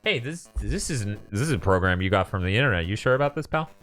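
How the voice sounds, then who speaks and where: A man's voice: fairly low pitch, lively intonation, fast, a bit bright, soft background music, voice pushed down. A man voicing a computer install prompt as a chummy, mock-friendly fellow. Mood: folksy.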